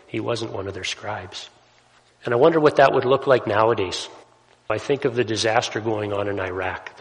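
A man preaching a sermon in a conversational way, often checking in with "right?" asides as he explains scripture. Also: lowish voice. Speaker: pastor. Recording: long hall reverb.

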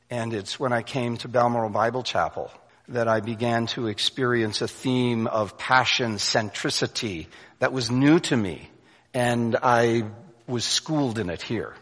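A male preacher giving a sermon, animated and acting out voices, then dropping to hushed emphasis. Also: medium pitch. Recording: long hall reverb.

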